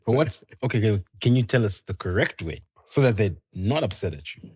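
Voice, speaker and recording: Male co-host, somewhat low, dry sound, joking and rambling. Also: lively intonation, brisk, darkish tone, husky, no echo. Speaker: podcast co-host. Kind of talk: casual podcast interview.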